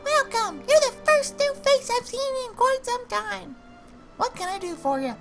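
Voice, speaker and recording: A man voicing a huge, muscular male shopkeeper in a fantasy game, with a tiny squeaky voice and a cheery, welcoming manner. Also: measured pace, vocal fry, over loud music, heavily acted.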